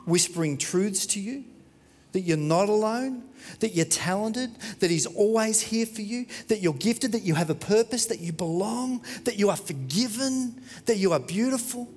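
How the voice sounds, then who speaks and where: A man preaching a sermon as pastor, dramatic and moving between loud and hushed. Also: sits high, expressive, moderate pace, big-room sound.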